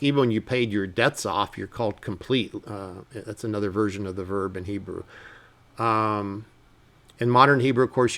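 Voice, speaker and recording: Speaking at a fairly low pitch, a man leads a laid-back Bible Hebrew lesson. He reads each verse slowly, then unpacks it with easygoing side comments.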